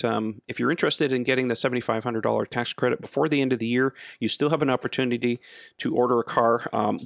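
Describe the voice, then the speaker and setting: A man hosting a casual podcast, talking in a relaxed, rambling way with lots of fillers. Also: mid-range voice, gravelly, no echo, studio quality. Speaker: podcast host.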